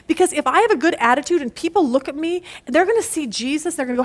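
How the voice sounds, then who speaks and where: A woman's voice: sits high, quick pace, few pauses. A woman leading a women's Bible study, telling stories casually and with animation, often laughing at them. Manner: animated storyteller who laughs at her own stories; casual and conversational.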